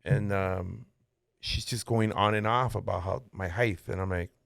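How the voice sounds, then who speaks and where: A man's voice: fairly low pitch, measured pace, creaky, no room sound, clean studio sound. A man casually telling a story on a podcast, acting out the quoted lines with sudden jumps in his voice. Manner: animated, acts out quotes in raised voice. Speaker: podcast guest.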